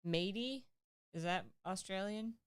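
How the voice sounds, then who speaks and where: A woman's voice: medium pitch, unhurried, clear, resonant tone. A woman co-hosting a casual livestream, chatting playfully and making joking asides. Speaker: livestream co-host. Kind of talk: casual chat.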